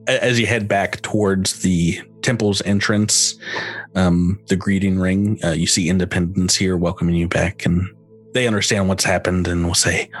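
A man narrating as game master of a tabletop game, laughing easily and halting with fillers. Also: deep voice, little pitch movement, breathy edge, faint music behind.

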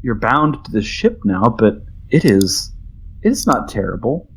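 A man's voice: medium pitch, animated, normal speed, breathy edge. A man narrating as the game master of a tabletop role-playing game, speaking casually with many fillers and building drama.

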